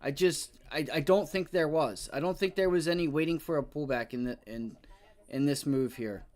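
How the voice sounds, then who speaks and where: A man's voice: fairly high pitch, normal speed, a little mellow. A young man giving live trading commentary on a stream, frustrated, swearing and repeating his exclamations. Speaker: day trader streaming live.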